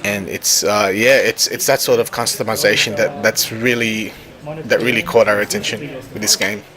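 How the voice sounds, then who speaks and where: Crowd chatter fills the background as a tabletop wargame player narrates his battle report, casually explaining the game as he goes. He speaks in a lowish voice at a normal speed with fairly even intonation, frequently stopping and starting his phrases over.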